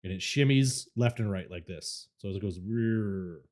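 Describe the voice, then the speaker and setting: A man's voice: sits low, normal speed, a little mellow. A young adult man on a podcast, telling a story in a casual way and swearing freely. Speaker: podcast co-host.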